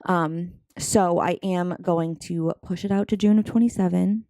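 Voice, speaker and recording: A woman's voice: fairly low pitch, fairly even intonation, measured pace, warm tone. A woman in her twenties chatting casually to camera as a budgeting vlogger, bubbly and talkative, with many fillers and asides, a little out of breath. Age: 20s.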